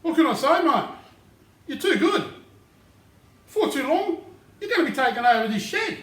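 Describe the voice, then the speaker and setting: A man's voice: very high-pitched, sing-song, moderate pace, fairly bright tone, a little hiss or hum. A man, bantering cockily as a novice woodworker in a workshop shed. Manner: cocky, joking, slangy. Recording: roomy echo.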